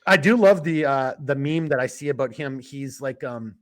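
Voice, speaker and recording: A man co-hosting a podcast in casual political chat, animated and emphatic, his voice jumping up when he gets excited. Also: mid-range voice, moderate pace. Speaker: podcast co-host.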